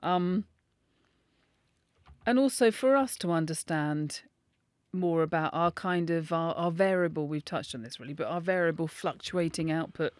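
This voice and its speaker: A woman's voice: deep voice, normal speed, darkish tone, no echo, studio quality. A woman co-hosting a podcast in a casual chat, talking in a chatty way, laughing often and swearing freely. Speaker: podcast co-host.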